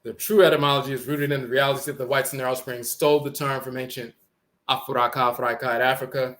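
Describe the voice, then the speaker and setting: A man's voice: medium pitch, little pitch movement, fast talker, a bit bright. A man giving an explanatory lecture, repeating words and sounding out letters as he teaches.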